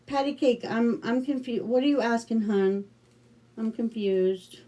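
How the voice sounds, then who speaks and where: A middle-aged American woman chats through a craft livestream in a relaxed, rambling way, full of fillers and restarts. Her voice is mellow and soft-edged. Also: on the high side, measured pace. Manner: chatty, rambling storytelling with many fillers. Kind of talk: casual livestream chat.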